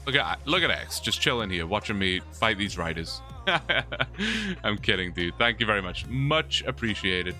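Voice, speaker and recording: A man's voice: lowish voice, very animated, unhurried, pushed and bright, faint music behind. A young man chatting casually on a long livestream, rambling, reading chat and laughing often, his mouth sore from talking.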